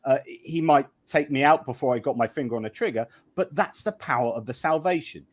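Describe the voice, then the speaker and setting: A man's voice: medium pitch, fairly quick. A man, a guest in a casual podcast talk, arguing his points with energy and often searching for words. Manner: lively, argumentative, searching for words. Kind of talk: casual discussion.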